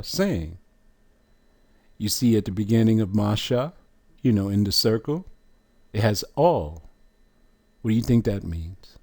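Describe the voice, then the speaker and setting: Man, teacher, slow deliberate delivery, low voice, dry close sound, questioning the listener. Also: a little mellow, no room sound. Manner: asks the listener questions, emphatic. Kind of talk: scripture lesson walking through a chart.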